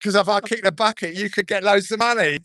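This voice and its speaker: A man's voice: sits high, quick pace, sharp tone, no echo. An older man talking bluntly and jokingly into a handheld phone while live-streaming outdoors at a crowded street march. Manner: chatty, blunt, jokey. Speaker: livestreamer at a march. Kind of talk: casual live-stream chat.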